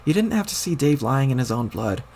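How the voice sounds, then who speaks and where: A man's voice: medium pitch, big pitch swings, brisk, a little mellow, slight background noise. A man reading a webcomic aloud, putting on the voice of a bossy, exasperated young girl who scolds and swears. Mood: scolding.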